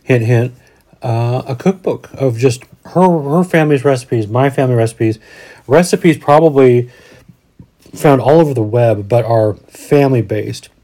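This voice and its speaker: Mellow-voiced man in his forties. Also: mid-range voice, measured pace. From Colorado, USA. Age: 40s. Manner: rambling, restarts often, folksy. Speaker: podcast host. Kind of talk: casual chat.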